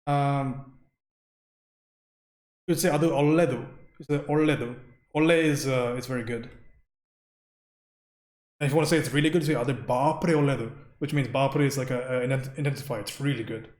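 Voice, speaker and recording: A man's voice: medium pitch, fairly quick, pauses often, echoey room. A man from India chatting casually with his stream viewers while painting. He rambles, laughs often and answers questions from chat.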